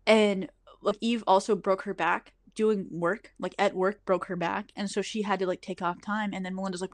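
A woman's voice: mid-range voice, fairly even intonation, normal speed. A young adult woman telling a story on a podcast in a casual, profane way, saying "like" often. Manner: chatty, profane, heavy use of "like". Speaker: podcast host.

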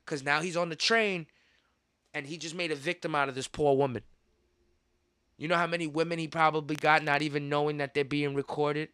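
A bright, high-pitched man holds forth on his podcast. He rants in a heated, profane, repetitive way and bursts out loudly now and then. His voice sits close and dry on the mic. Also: fairly even intonation, a little fast, clear, resonant tone, dry recording. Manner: heated, profane, repetitive ranting with sudden loud outbursts. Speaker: podcast host. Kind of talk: casual podcast rant.

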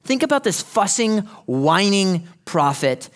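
A man preaching a sermon, emphatic, moving from hushed passages to loud ones and asking rhetorical questions. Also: mid-range voice, moderate pace. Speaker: pastor.

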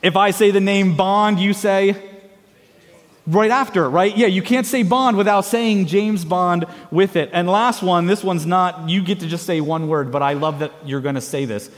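A man's voice: sits high, steady tone, normal speed. A man in his thirties, a pastor preaching a sermon and leading the congregation in playful call-and-response. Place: church sanctuary. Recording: long hall reverb of a church.

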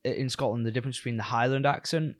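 A man's voice: medium pitch, fairly even intonation, very fast. A man from England hosting a podcast, talking in a chatty, loose, rambling way and swearing freely. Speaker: podcast host. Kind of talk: casual chat.

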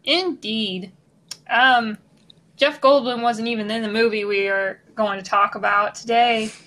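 Bright-voiced woman, chatty co-host. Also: fairly high pitch, fairly even intonation, a little slow. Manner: chatty, joking, rambling. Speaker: podcast co-host. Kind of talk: casual chat.

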